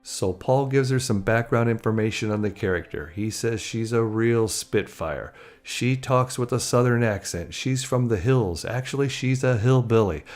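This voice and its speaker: A man's voice: mid-range voice, normal speed, hardly any pauses, darkish tone, soft background music. A man narrating a biography in a chatty storytelling manner. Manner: chatty, acting out quoted lines.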